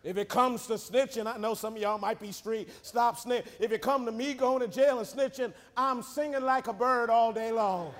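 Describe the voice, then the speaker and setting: Brief: male preacher, high-pitched, fiery sermon with rapid asides, reverberant sanctuary. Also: fairly even intonation. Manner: dynamic, swinging from rapid joking asides to loud shouted climaxes. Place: church sanctuary. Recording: reverberant church hall.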